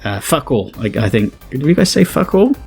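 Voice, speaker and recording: A man's voice: mid-range voice, very animated, brisk, darkish tone, soft background music. A British man giving casual reaction commentary, rambling, chuckling and often correcting himself. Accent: British English. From Britain. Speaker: YouTuber.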